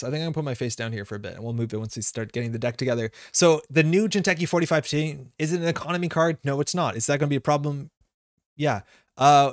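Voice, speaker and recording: A man's voice: medium pitch, no echo, clean studio sound. A man from North America streaming a card game live, chatting casually with viewers in a rambling way, full of fillers and self-corrections.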